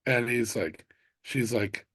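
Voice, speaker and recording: A man from the United States, a musician, telling stories in a casual interview with animated bursts of excitement. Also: medium pitch, slow pace, breathy edge, dry recording. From United States (Miami). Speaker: musician guest.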